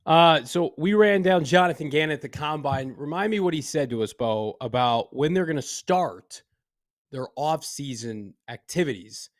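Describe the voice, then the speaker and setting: A man hosting a casual sports podcast, talking with energetic, wry banter from a studio. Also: on the high side, moderate pace, no room sound. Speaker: podcast host.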